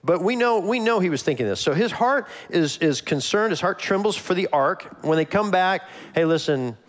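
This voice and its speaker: Lively man preaching. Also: high voice, normal speed. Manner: animated, acts out quoted lines. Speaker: pastor. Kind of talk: conversational sermon.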